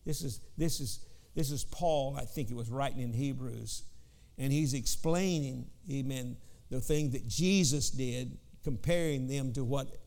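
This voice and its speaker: A man with a Southern US accent leading an informal Pentecostal Bible study, halting and repeating himself, dropping in frequent amens and slowing down to read scripture. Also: mid-range voice, gravelly, darkish tone.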